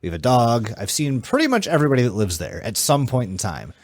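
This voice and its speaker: A man's voice: mid-range voice, big pitch swings, quick pace. A young man co-hosting a podcast, telling a story in casual, profane chat and acting out what people said. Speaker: podcast co-host.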